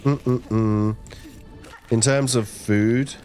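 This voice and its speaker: A man's voice: lowish voice, measured pace, faint music behind. A young man streaming a game on a team channel, chatting casually with his viewers in a rambling, playful way and now and then slipping into silly voices. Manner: rambling, playful, talks to himself and chat, breaks into silly voices. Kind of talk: casual live-stream chat while gaming.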